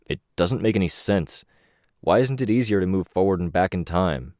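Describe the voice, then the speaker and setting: A man's voice: low-pitched, lively intonation, normal speed, a little mellow, no room sound, clean studio sound. Man reading an exasperated young man. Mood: annoyed. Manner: frustrated and complaining.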